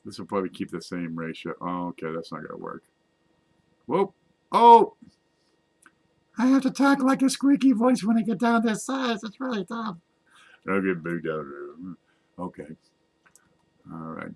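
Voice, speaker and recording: Brief: low-pitched man, relaxed hobby host, chatty and joking at himself. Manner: chatty, self-mocking, talks to viewers while zooming in on images. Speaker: coin collecting video host. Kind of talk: casual screen-share show-and-tell.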